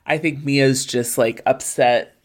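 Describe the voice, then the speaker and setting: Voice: medium pitch, steady tone, takes it slowly. A podcast co-host chatting casually and emphatically, adding asides like "okay?" to drive points home. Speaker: podcast co-host recapping a TV series. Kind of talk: casual chat.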